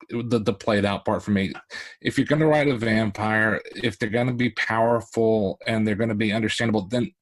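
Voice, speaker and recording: A rambling man thinking aloud on a panel. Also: fairly low pitch. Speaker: author on a panel. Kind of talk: casual panel discussion.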